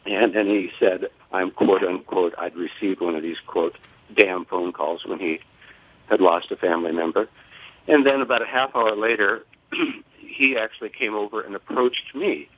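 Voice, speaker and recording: Older man on a tinny phone line. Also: low-pitched. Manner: measured, deliberate, formal. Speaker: guest, father of a fallen soldier. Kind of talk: phone interview.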